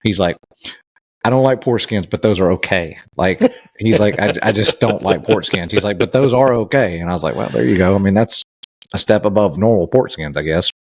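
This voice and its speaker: A man with a low voice co-hosts a podcast, talking close to the microphone. He is chatty and quick with asides in a casual conversation. The sound is dry, with no room sound. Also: dry recording. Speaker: podcast co-host. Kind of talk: casual chat. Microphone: studio podcast mic.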